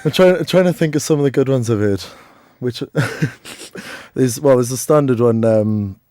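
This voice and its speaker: A man's voice: mid-range voice, a little slow, warm tone, no echo, clean studio sound. A young man from Wales, chatting casually as a radio guest, rambling and hesitant. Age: young adult. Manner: hesitant, rambling, self-deprecating. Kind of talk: casual chat.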